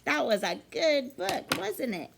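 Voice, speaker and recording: A woman teacher reading a picture book aloud to children in an animated, expressive way. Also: high-pitched, vocal fry, noisy background. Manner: animated, expressive, slow and deliberate.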